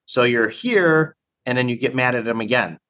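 A man talking in a relaxed interview as a training program director, thoughtful and full of fillers and restarts. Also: medium pitch, normal speed. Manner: reflective, many fillers and restarts. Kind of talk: casual conversation.

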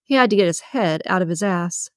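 A woman narrating a romance audiobook in a steady, even storytelling manner. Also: fairly low pitch, a little fast, no room sound, clean studio sound. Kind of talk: scripted narration.

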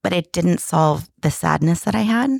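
A woman's voice: fairly low pitch, moderate pace, gravelly, darkish tone, dry recording, studio quality. A middle-aged woman telling a candid personal story in casual conversation, emotional and full of restarts. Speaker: guest.

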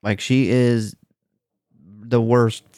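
A man's voice: medium pitch, steady tone, drawn-out words, a little mellow, dry recording, studio quality. A man co-hosting a casual horror movie podcast, recapping the plot with lots of swearing and laughter. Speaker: podcast co-host.

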